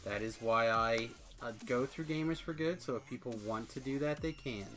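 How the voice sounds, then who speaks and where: A young man streaming a game, joking excitedly with friends, loud one moment and mumbling the next. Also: mid-range voice, moderate pace, faint music behind. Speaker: live streamer. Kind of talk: casual stream chat during gameplay.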